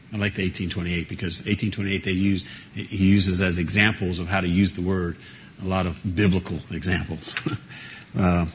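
A man with a fairly low voice leads a Bible study in a small room, faint ambience behind him. He talks in a loose, rambling way, full of fillers and little laughs, and stops to put questions to the group. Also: slight background noise. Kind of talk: informal Bible teaching with audience questions.

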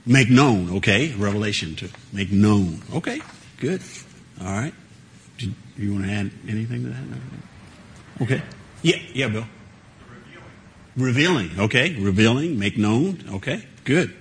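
A man's voice: lowish voice, expressive, unhurried, long pauses, a little hiss or hum. A man teaching a Bible study to a small group, talking conversationally with frequent fillers and laughs and asking the group questions.

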